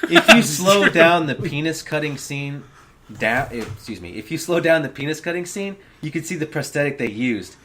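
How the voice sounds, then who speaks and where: Male podcast co-host, very animated pitch, joking matter-of-fact delivery, noisy recording. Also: moderate pace. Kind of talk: casual comedic chat.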